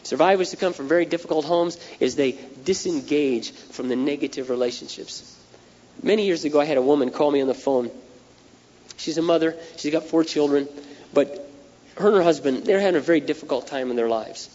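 A man preaches an earnest, repetitive sermon, using stories to drive his point home. His voice is a little high, a little fast, and slightly mellow, heard through a dull lo-fi recording with long hall reverb.

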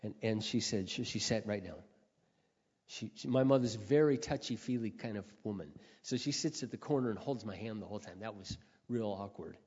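Preacher, male, earnest storytelling sermon that builds to loud exhortation, long reverb, muffled lo-fi sound. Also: on the low side, a little fast, breathy edge. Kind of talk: testimony sermon.

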